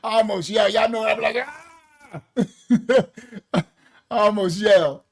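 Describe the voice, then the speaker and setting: Male bible teacher on a livestream, energetic, breaks into exclamations and loose colloquial asides. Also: high-pitched, a little slow, gravelly. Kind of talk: livestreamed scripture lesson. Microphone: own microphone.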